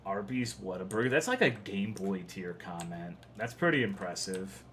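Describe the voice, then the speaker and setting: A young male streamer from Texas talks through a video game in a loose, rambling way, swearing freely as he gets frustrated. His voice sits on the low side. Faint keyboard typing sounds under his talk in a home setup. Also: lively intonation, normal speed, a bit bright, a little hiss or hum. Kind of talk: casual livestream commentary.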